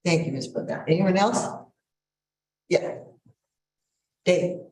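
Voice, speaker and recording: A woman's voice: fairly low pitch, takes it slowly, warm tone. A woman chairing a town meeting, briefly calling on speakers. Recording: echoey room, distant mic.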